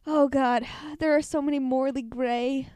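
A young woman co-hosts a podcast, chatting casually in a brash, bawdy way and swearing freely. Her voice sits high with a steady tone, a moderate pace, and a mellow, clear, resonant quality, with no echo.

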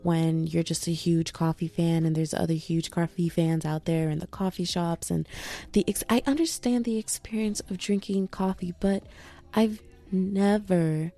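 Young woman vlogger, low mellow voice, rambling casual chat. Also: steady tone, moderate pace. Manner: chatty, self-interrupting, many "like"s.

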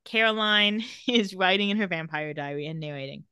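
A woman with a bright, forceful voice walks through a TV episode scene by scene for her co-host. She speaks close to the mic in a dead, dry room. Her delivery is chatty, and she laughs now and then. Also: fairly low pitch, fairly quick, few pauses, smooth, no room sound. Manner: narrates plot, reads lines in flat put-on voices, laughs often. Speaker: podcast co-host recapping a TV episode. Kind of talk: casual recap chat.

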